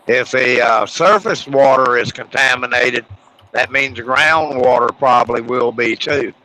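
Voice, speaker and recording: A man's voice: mid-range voice, measured pace, pushed and bright, rough recording. A man chatting on a livestream, explaining things plainly. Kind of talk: casual livestream chat.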